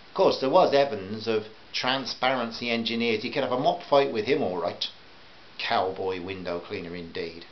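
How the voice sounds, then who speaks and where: Male narrator, dry wit, lively intonation, lo-fi recording with faint hiss. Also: mid-range voice. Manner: dry, wry storytelling. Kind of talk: reading a humorous short story. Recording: dull lo-fi home recording with hiss.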